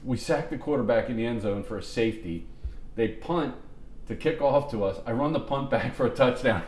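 On a podcast recorded in an echoey room, a middle-aged man with a mid-range, darkish voice talks fairly quickly. He tells long, meandering, foul-mouthed stories to his friends, full of restarts and laughter.

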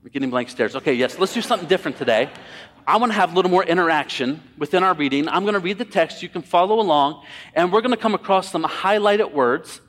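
A man's voice: sits high, animated, quick pace, a bit bright. A man preaching a sermon as pastor, talking conversationally and with emphasis, speaking directly to his congregation. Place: church sanctuary. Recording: long hall reverb.

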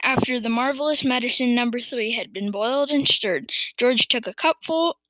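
A woman's voice: fairly high pitch, moderate pace, fairly bright tone, no room sound, low-quality recording. A woman reading a children's book aloud expressively, with occasional slips and restarts. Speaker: reader.

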